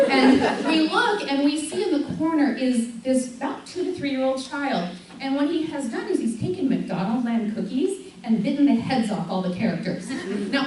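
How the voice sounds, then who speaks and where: A middle-aged woman giving a lively talk to a parents' group, acting out stories with big jumps in her voice and frequent laughs. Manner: animated storyteller, acts out voices of her daughter with big pitch jumps and laughs. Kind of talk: live talk to an audience. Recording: echoey hall from far off, faint hum.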